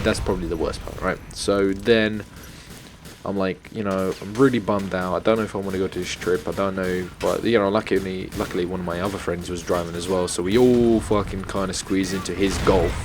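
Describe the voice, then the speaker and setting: Annoyed low-voiced guy ranting. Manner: annoyed, swearing, rambling. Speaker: gaming channel host. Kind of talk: storytime rant over gameplay. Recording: game gunfire noise behind voice. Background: game gunfire and explosions.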